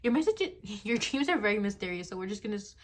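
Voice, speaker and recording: A woman's voice: mid-range voice, lively intonation, quick pace, a little hiss or hum. A woman in her twenties doing a casual tarot reading, giggly and rambling with lots of fillers, recorded on a phone at her desk. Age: 20s. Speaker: tarot reader. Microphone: phone on a desk mount.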